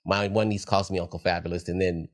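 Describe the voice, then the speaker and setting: Deep-voiced man, reflective and heartfelt. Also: fairly even intonation, fast. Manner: reflective, heartfelt, soft-spoken at times. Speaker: guest. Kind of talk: candid podcast conversation.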